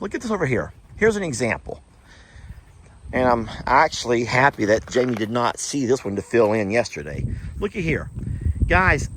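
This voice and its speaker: A man's voice: medium pitch, noisy background. A man with a Texan accent hosting a casual ranch vlog outdoors in a pasture, chatting in a folksy way straight to his viewers. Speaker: ranch vlogger, host.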